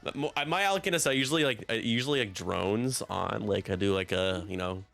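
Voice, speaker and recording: A man's voice: lowish voice, a little fast, vocal fry, a bit bright, soft background music. A man commentating a tabletop game on a live stream, joking and self-deprecating as he goes. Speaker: league commentator.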